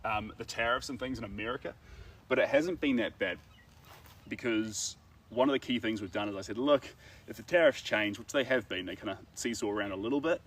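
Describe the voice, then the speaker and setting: A man's voice: fairly low pitch, fairly quick, fairly bright tone, slightly rough. A man with a New Zealand accent chatting casually and rambling with filler words while he paints. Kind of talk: casual chat. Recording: distant mic, faint outdoor ambience.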